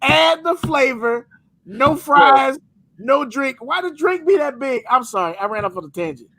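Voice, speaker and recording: A man co-hosting a podcast, telling a story as an animated, profane rant in casual chat. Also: very high voice, normal speed. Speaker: podcast co-host.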